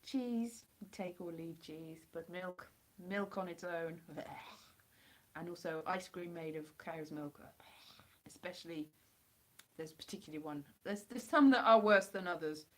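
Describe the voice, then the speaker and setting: A hoarse woman from the United Kingdom rambling and joking as she chats with viewers on a live stream through a computer mic. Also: on the low side, a little slow. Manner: rambling and jokey, chatting to viewers. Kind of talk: casual live-stream chat answering viewers.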